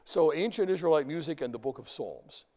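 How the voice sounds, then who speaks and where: A man lecturing his class in a lively way, talking to students and chanting examples aloud. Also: a little high, brisk. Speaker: university lecturer. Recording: reverberant lecture hall.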